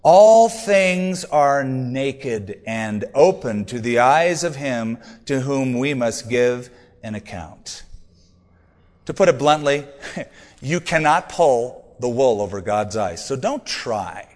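A man's voice: medium pitch, animated, takes it slowly, darkish tone, in a large hall. A man preaching a sermon in a conversational, humorous way, reading scripture aloud between stories. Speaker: pastor.

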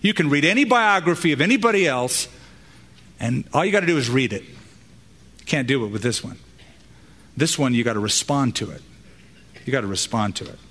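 A man's voice: medium pitch, animated, a bit bright. Emphatic preaching man, echoing hall. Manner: emphatic preaching with dramatic pauses. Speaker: pastor. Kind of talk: sermon. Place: church auditorium. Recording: long hall reverb.

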